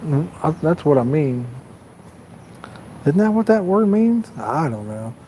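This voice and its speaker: A man's voice: on the high side, big pitch swings, measured pace, dark tone, a little hiss or hum, low-quality recording. A man hosting a fishing livestream outdoors by a pond, chatting loosely and rambling to his viewers. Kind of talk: casual live-stream chat.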